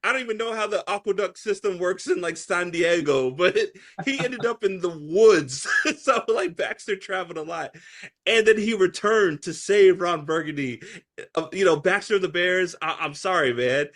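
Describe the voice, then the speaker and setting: A man co-hosting a casual podcast chat, telling stories in an animated, laughing way. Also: high-pitched, normal speed. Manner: animated, laughing, playful storytelling. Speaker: podcast co-host.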